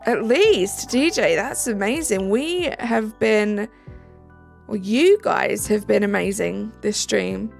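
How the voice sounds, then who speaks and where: Chatty British woman, gravelly edge. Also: medium pitch, slow pace. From Britain. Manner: chatty, reads out and answers chat, thanks viewers. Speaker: live-stream host. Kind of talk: casual live-stream chat. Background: faint background music.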